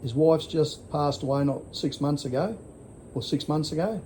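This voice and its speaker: A man's voice: fairly high pitch, normal speed, mellow, slight background noise. An Australian man in his sixties telling a rambling story in a casual vlog, blunt and full of swearing. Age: 60s. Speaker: vlogger.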